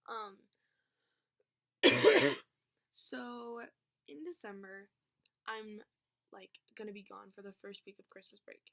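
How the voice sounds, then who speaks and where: A woman's voice: medium pitch, takes it slowly, gravelly, long pauses, fairly bright tone. A teenage girl chatting casually in a vlog, rambling through stories with lots of fillers. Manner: rambling storytelling, filler-heavy, laughs when angry. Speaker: vlogger.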